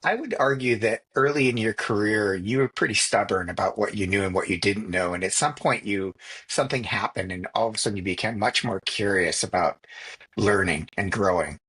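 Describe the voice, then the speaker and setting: A man's voice: lowish voice, brisk, a bit bright, slightly rough, low-quality recording. A man co-hosting a podcast, asking probing questions and offering brief affirmations. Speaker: podcast co-host. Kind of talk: interviewing chat.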